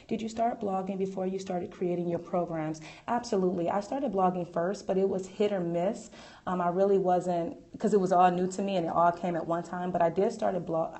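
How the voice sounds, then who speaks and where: A woman's voice: lowish voice, mellow. Enthusiastic woman coach live-streaming. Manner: enthusiastic, chatty, thanks viewers often. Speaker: life coach and business owner. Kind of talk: live-stream talk answering viewers.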